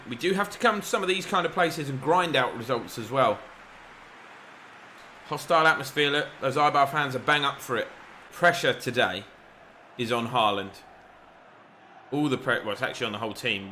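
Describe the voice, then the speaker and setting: A man commentating on his own football video game match, excitable and quick to shout at the referee. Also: medium pitch. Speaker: gaming YouTuber.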